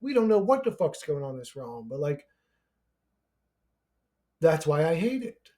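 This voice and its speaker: A man's voice: a little high, sing-song, measured pace. A man ranting to camera as a YouTuber, profane and exasperated, his voice climbing as he gets angrier. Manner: profane, exasperated, rising to shouting. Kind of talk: angry conspiracy rant.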